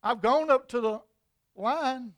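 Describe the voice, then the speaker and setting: A man voicing an angry laborer who resents being made to carry a heavy load, complaining in loud, exasperated outbursts. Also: extremely high pitch, slow, no echo, studio quality, heavily acted.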